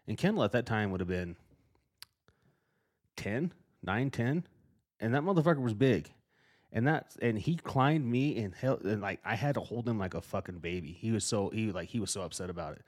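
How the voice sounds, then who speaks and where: Man, middle-aged, low-pitched, swearing storyteller, podcast chat. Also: moderate pace. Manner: profane, animated storytelling, acting out quotes. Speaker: podcast co-host. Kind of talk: casual chat.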